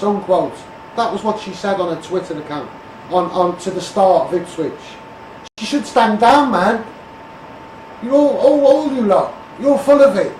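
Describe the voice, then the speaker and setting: A man's voice: high voice, animated, a little slow, a little hiss or hum. A man with a Scouse accent delivering a blunt, repetitive political rant, calling people out by name and asking what they will do about it. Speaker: street campaigner. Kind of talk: ranting political monologue. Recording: roomy sound from a distance.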